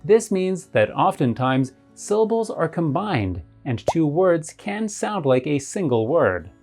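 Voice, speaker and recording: A woman teaching English in a recorded lesson, explaining clearly and step by step. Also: deep voice, very animated, a little slow, over music.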